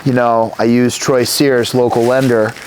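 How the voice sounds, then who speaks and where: A man in his thirties from New Jersey talks at a middle pitch as an interview guest. He rambles through animated stories and swears freely. Faint background noise runs under the voice. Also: unhurried. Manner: rambling, profane, animated storytelling. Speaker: guest, company founder. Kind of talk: casual interview conversation.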